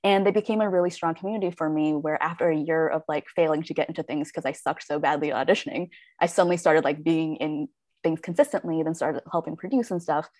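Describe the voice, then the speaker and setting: A woman's voice: sits low, quick pace, a little mellow, no echo. A woman actor talking casually in a podcast interview, chatty with many fillers and quoted asides. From United States. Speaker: actor and web series creator.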